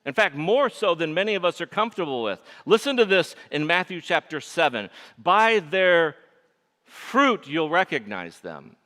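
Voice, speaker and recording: A middle-aged man with a nasal Michigan accent preaching a sermon, swinging between forceful emphasis and hushed asides. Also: on the high side, very animated, normal speed. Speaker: pastor. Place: church sanctuary. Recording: echoey church sanctuary.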